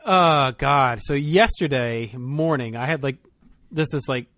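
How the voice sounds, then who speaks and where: A man hosting a casual podcast, talking in a relaxed way and swearing freely. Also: medium pitch, measured pace, dry recording. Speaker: podcast host.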